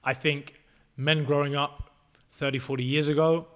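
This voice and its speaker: A man's voice: fairly high pitch, little pitch movement, normal speed, a bit bright. A 22-year-old man, a podcast guest who lays out his views step by step in a casual, assertive way and swears freely.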